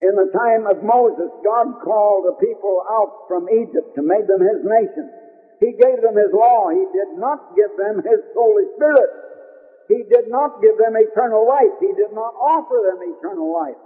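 An older man preaching a sermon, emphatic, repeating key phrases for weight. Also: sits high. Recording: phone-like old radio broadcast with long reverb.

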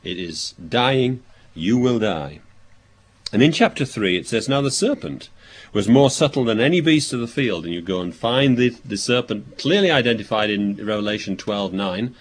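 A man preaching a sermon, reading verses aloud and explaining them, thinking aloud with pauses and restarts. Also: on the low side, expressive. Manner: expository, reads scripture aloud and explains it.

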